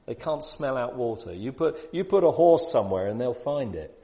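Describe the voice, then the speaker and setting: A man preaching a sermon in a conversational way, building to loud, emphatic peaks. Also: medium pitch, animated, moderate pace. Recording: dull lo-fi sound.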